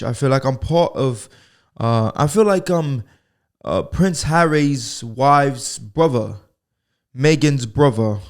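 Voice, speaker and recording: An American man in a loose solo podcast, rambling and swearing as he jokes his way from one topic to the next. His voice has a gravelly edge at the bottom and sits at an ordinary middle pitch. He speaks alone at home into a podcast microphone. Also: lively intonation, takes it slowly. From United States. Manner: rambling, profane, joking. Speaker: podcast host. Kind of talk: casual solo podcast monologue.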